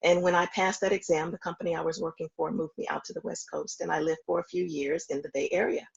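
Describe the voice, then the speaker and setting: A woman in her fifties with a low, gravelly voice, recounting her path in a measured, reflective way. She speaks over a dull, lo-fi call connection. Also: level tone. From Houston, Texas. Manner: measured, reflective storytelling with frequent ums. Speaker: interview guest, foundation founder. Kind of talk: remote interview, storytelling.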